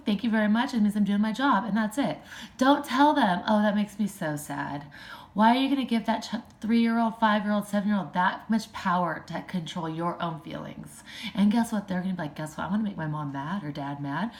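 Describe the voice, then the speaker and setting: A woman parenting coach talking straight to parents in a chatty, direct podcast monologue. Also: on the low side. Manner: direct, advising, chatty with fillers.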